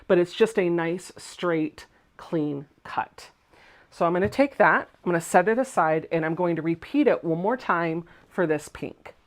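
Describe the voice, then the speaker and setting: A woman's voice: on the low side, a little slow. Woman host from Virginia, casual home sewing livestream, talkative, self-correcting. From Virginia, USA. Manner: chatty, laughs easily, corrects her own wording mid-sentence. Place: home sewing room, indoors.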